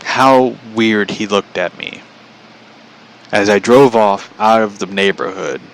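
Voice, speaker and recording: A man's voice: on the low side, slow pace, low-quality recording. A man casually telling a personal story, chatty, relaying a conversation line by line and laughing often.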